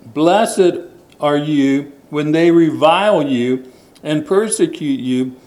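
Male preacher, higher-pitched, unhurried sermon delivery with emphatic repetition. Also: a little mellow, low-quality recording. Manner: deliberate, stresses words and repeats them. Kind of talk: sermon with scripture reading.

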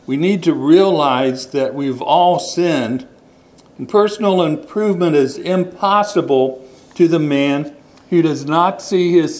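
Male preacher, higher-pitched, unhurried sermon delivery with emphatic repetition. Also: darkish tone, rough recording. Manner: deliberate, stresses words and repeats them. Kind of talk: sermon with scripture reading.

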